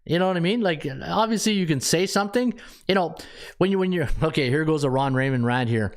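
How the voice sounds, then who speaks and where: A man hosts a casual sports betting podcast, his voice pitched a little high. He rambles from point to point with lots of restarts. His rants build and he laughs at his own lines. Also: brisk. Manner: ranting, with many restarts.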